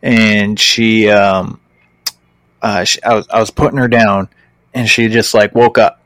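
A man's voice: lowish voice, a little slow, no echo, poor audio. A man in his thirties, a podcast guest, telling stories in casual chat and swearing freely as he acts out what people said. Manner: animated storyteller, swears freely, acts out quotes.

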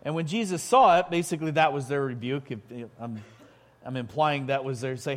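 A man preaching a sermon in a halting way, full of restarts, building to loud emphatic peaks. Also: mid-range voice.

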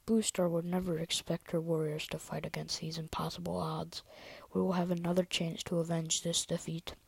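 A woman voicing a steady, commanding male cat deputy in a whispered role-play. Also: lowish voice, moderate pace, gravelly, slightly rough, no echo. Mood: urging.

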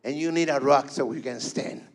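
A man's voice: mid-range voice, normal speed. A man preaching a fervent sermon, repeating phrases and calling for responses.

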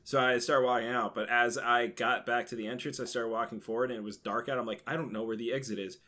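A man's voice: medium pitch, steady tone, quick pace, sharp tone. A young man telling a childhood story in casual chat, hesitant and full of fillers.

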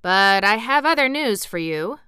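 A woman's voice: medium pitch, animated, measured pace, bright, forceful tone, clear, resonant tone, dry recording, studio quality. A woman voicing a boastful, scheming male gnome general in a storybook reading, with a proud, emphatic delivery.

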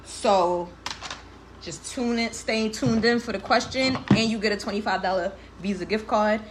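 Speaking at a medium pitch and moderate pace over a very noisy recording, a tearful young woman in her twenties hosts a casual livestream. She's candid and emotional, laughing often and swearing freely in heavy slang.

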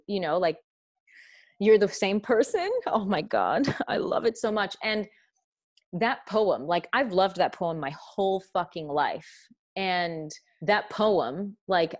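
Effusive low-voiced young woman, casual chat. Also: measured pace, no echo, studio quality. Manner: swearing, effusive, laughs often. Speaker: podcast host.

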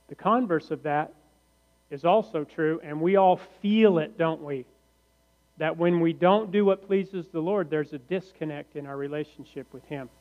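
A male pastor preaching a sermon in a church sanctuary, slow and deliberate, often posing rhetorical questions to the congregation. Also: on the high side. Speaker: teaching pastor. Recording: reverberant hall, muffled lo-fi sound.

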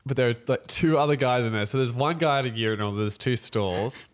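A young man, telling a story in a casual podcast chat and acting out other people's voices as he goes. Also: mid-range voice. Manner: animated storytelling, quick laughs, acts out voices.

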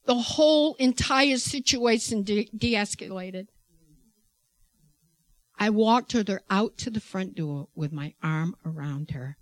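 A woman who works in healthcare tells a personal faith testimony in an animated way. She laughs often and acts out the people she quotes. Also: mid-range voice, slow pace, dry recording. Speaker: healthcare worker.

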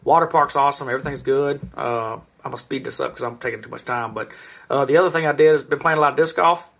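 Husky man telling rambling stories. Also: mid-range voice, fast, fairly bright tone. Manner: rambling storyteller, swears a lot. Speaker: podcast co-host. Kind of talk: casual chat.

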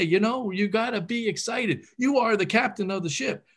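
A man's voice: high-pitched, lively intonation, normal speed, few pauses. A middle-aged man, a surgeon, gives career advice in an interview, talking animatedly with many fillers and restarts.

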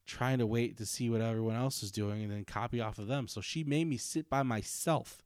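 A man's voice: mid-range voice, fairly quick, a little mellow, no room sound, studio quality. A young man co-hosting a podcast, telling stories in a rambling way, full of "like", acting out quotes. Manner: rambling storyteller, heavy on "like", acts out quotes. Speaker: podcast co-host. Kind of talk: casual chat.

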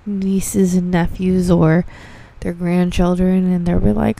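A woman's voice: on the low side, level tone, takes it slowly, creaky, dark tone. A young woman hosting a casual podcast monologue, rambling, swearing freely and filling with "like". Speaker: podcast host.

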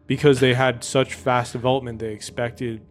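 A man's voice: medium pitch, level tone, moderate pace. A man co-hosting a podcast, chatting casually and thinking aloud with many "like" fillers. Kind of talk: casual chat.

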